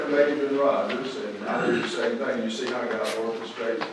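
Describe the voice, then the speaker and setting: A man's voice: medium pitch, steady tone, moderate pace, hardly any pauses. A man preaching a sermon as pastor, folksy and emphatic, with bursts of rising emphasis. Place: large church sanctuary. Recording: echoey hall from far off, room noise.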